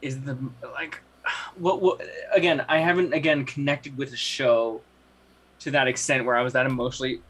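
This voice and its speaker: In a casual podcast conversation, this young male co-host speaks at normal speed with a mid-range, fairly bright voice and fairly even intonation. His manner is earnest and thoughtful, with frequent restarts mid-sentence.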